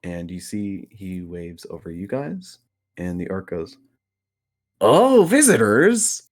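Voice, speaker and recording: Brief: low-voiced man running a tabletop game, unhurried and halting. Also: animated, dark tone. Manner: slow and halting, with many fillers. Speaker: game master.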